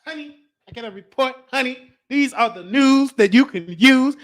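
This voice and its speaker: A man's voice: very high voice, moderate pace. A man hosting a casual reaction commentary, teasing and preachy, stretching out words like "honey". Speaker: show host.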